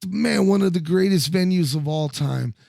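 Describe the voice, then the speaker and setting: A man, a former wrestler co-hosting a podcast, telling stories in animated, profane casual chat with lots of restarts. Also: sits high, normal speed, vocal fry, no echo, clean studio sound.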